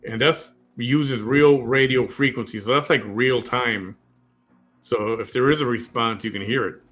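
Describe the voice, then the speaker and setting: A man hosting a talk show, chatting casually and getting animated and emphatic. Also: mid-range voice, a little slow, faint music behind. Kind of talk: casual on-air conversation.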